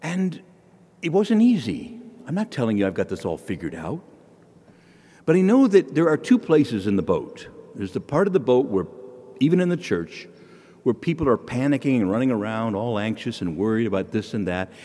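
A man's voice: medium pitch, very animated, normal speed, dark tone, in a large hall. Man preaching a folksy sermon in a church. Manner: folksy, storytelling with homely asides. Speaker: priest.

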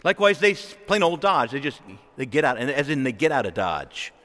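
A man, a Catholic priest, delivering a lively homily in church, acting out quoted voices and chuckling often. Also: medium pitch, a little fast, big-room sound.

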